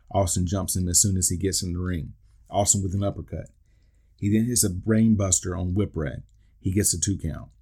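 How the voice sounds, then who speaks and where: A man's voice: deep voice, warm tone, slightly rough. A man hosting a podcast, narrating a play-by-play recap of a wrestling match and dropping dry wisecracks between the moves. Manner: dry asides and wisecracks between call-outs. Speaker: podcast host.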